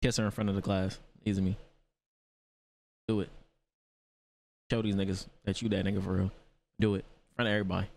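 A man's voice: sits low, little pitch movement, brisk, vocal fry, long pauses, a little mellow, a little hiss or hum. A man hosting an anime reaction video, talking back to the screen with lots of laughter and profanity.

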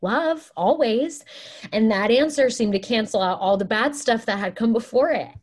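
A woman's voice: fairly high pitch, lively intonation, normal speed, a little mellow. Woman reading a tactless couples counselor, rambling, brash, video call. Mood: earnest. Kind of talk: Zoom play reading.

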